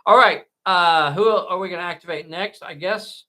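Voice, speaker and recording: A man's voice: high-pitched, moderate pace, bright, forceful tone, slight background noise. A man hosting a solo tabletop game, narrating the action with play-by-play enthusiasm and often addressing viewers as boys and girls.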